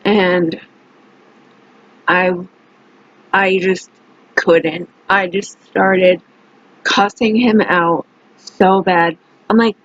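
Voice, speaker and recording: A woman's voice: fairly low pitch, fairly even intonation, very slow, pauses often, no room sound, lo-fi sound. A young woman vlogger telling a story in a blunt, heated way, with heavy swearing. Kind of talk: casual storytelling rant.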